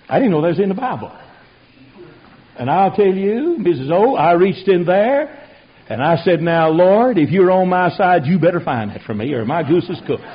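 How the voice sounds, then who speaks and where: An older man preaching a sermon, telling folksy stories that swing from quiet asides to loud outbursts. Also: high-pitched, breathy edge. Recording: dull lo-fi radio recording.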